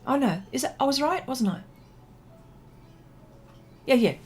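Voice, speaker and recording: A woman's voice: sits high, lively intonation, measured pace. A middle-aged woman hosting a casual art livestream, chatting, reading viewer comments aloud and laughing often. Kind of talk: casual livestream chat while painting.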